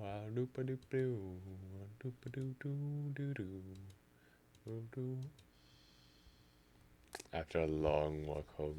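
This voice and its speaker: A man's voice: a bass voice, a little mellow. A man streaming live, reading a text game aloud in the second person and reacting as he goes.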